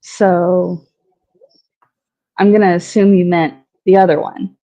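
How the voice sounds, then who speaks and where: A woman's voice: on the low side, little pitch movement, takes it slowly, mellow. A woman from Alabama, a podcast guest in casual chat, with a dry, teasing manner.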